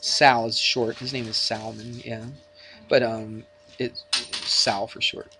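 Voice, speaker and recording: A man's voice: fairly low pitch, level tone, slow pace, background noise. Chatty male math teacher. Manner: chatty, jokey, bantering with students. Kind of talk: classroom lecture. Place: classroom.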